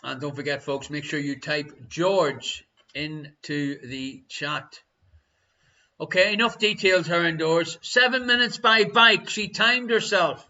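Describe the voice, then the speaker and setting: A man with an Irish accent hosting a live online quiz, chatty and teasing, reading each question slowly twice. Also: a little high, sharp tone. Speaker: quiz host. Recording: dull lo-fi stream audio.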